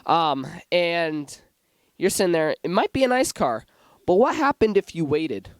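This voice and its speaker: A man's voice: a little high, very animated, a little slow, no room sound. Chatty young man teaching scripture, dry sound. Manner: chatty, self-correcting, drifts into asides. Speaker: lay preacher. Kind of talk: informal Bible teaching. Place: church sanctuary.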